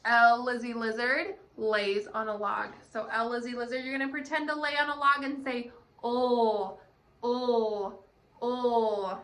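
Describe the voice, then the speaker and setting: A woman's voice: a little high, steady tone, normal speed, few pauses, sharp tone. A woman teacher leading a cheerful, sing-song phonics lesson for young children, demonstrating letter sounds.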